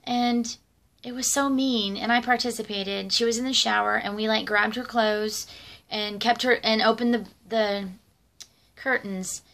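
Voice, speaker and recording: A woman's voice: a little high, steady tone, a little slow, gravelly, a bit bright. A middle-aged woman vlogger telling personal stories in a rambling, conversational way with lots of fillers and asides. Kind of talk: casual personal storytelling.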